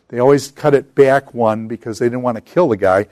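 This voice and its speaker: A middle-aged man giving an informal Bible lecture, talking conversationally and slowing down to read scripture aloud. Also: medium pitch, fairly even intonation, darkish tone, no room sound. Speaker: Bible teacher.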